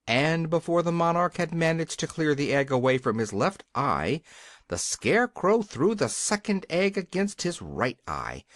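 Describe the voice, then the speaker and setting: A man's voice: fairly high pitch, dry recording, clean studio sound. A man reading a children's fantasy storybook aloud, giving the characters their own voices. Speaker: audiobook narrator. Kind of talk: scripted storybook narration.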